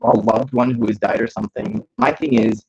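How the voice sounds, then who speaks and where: A young man hosting a casual live stream, chatting and giving friendly advice in a relaxed way. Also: fairly low pitch, a little fast, vocal fry, slightly rough. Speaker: host. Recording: dull lo-fi stream audio.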